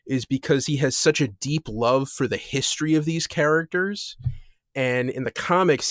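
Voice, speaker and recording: Male podcast co-host, mid-pitch, dry close sound, eager and rambly delivery. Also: a bit bright, no echo. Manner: enthusiastic, rambling with many fillers and restarts. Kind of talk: casual chat.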